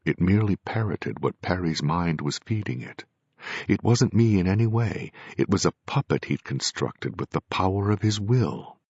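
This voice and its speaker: A man narrating a first-person audiobook with measured, grave storytelling. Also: deep voice, animated, darkish tone, breathy edge, dry recording. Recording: dry, dull lo-fi recording.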